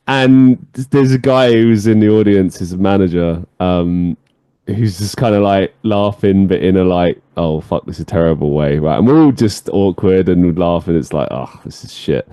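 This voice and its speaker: A man's voice: low voice, dry recording, studio quality. A man hosting a podcast, telling stories in casual chat with plenty of swearing and laughter. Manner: animated storyteller, swears freely, laughs often. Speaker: podcast host.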